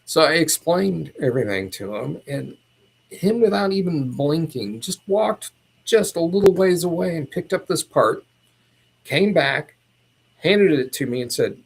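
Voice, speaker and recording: A man who is a podcast guest, recounting a personal story in a casual, meandering and animated way. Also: fairly high pitch, unhurried, gravelly, pauses often, husky.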